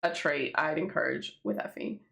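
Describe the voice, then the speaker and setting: A woman's voice: deep voice, moderate pace, gravelly, fairly bright tone, roomy sound, heavily acted. A sassy young man voiced by a woman reading a comic aloud needles his target in a smug, mocking tone. He sounds sure of himself and delights in teasing.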